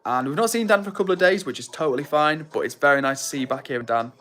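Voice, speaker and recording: A man's voice: a little high, fast, soft background music. Upbeat guy reading livestream chat. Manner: upbeat, friendly, shouts out viewers by name. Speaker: livestream host.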